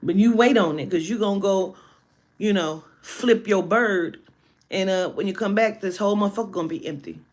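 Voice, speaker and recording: A woman telling a personal story in a casual monologue, animated and emphatic, with heavy profanity. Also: medium pitch, moderate pace.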